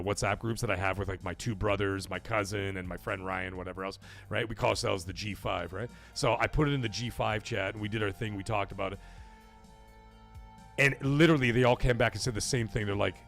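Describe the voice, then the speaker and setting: A man in his thirties hosts a live gaming podcast and rants hotly and profanely about what bugs him. His voice has a gravelly, creaky edge, and faint music plays behind him. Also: lowish voice, fairly bright tone. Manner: heated, profane, opinionated ranting. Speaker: podcast host.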